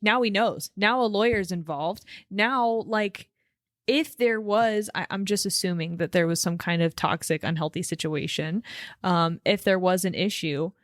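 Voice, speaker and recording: A woman's voice: lowish voice, normal speed, no echo, clean studio sound. A woman from the United States co-hosting a podcast, chatting casually and laughing often as she gives her opinions. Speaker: podcast co-host. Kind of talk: casual chat.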